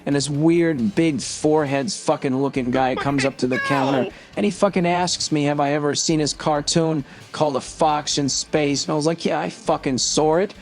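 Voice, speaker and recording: A man's voice: on the high side, normal speed, hardly any pauses, natural voice. A man doing an impression of a crude, grumbling middle-aged comedian podcaster, ranting with a lot of swearing. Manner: profane, grumbling rant.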